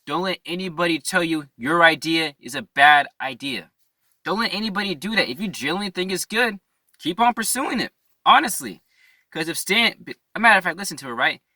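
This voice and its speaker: A man's voice: on the high side, animated, a little fast, pushed and bright, dry recording. A young man giving a casual motivational talk, earnest and slangy, repeating his points and asking "right?" as he goes. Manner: slangy, calls listeners "bro". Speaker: motivational YouTuber.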